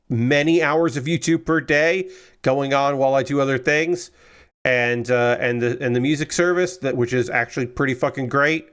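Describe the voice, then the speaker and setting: A sleepy man chats loosely on a live stream while he builds a model kit. His voice sits a little high, and he rambles through news with plenty of ums and a casual curse here and there, yawning as he goes. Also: a bit bright, clean tone. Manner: rambling, swears casually, frequent fillers. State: tired and yawning.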